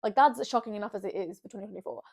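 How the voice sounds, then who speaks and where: Very fast and gravelly yet a little mellow, a young woman's medium-pitched voice fills her bedroom as she sits on the bed vlogging. Her casual talk to camera is bubbly, meandering, and self-mocking.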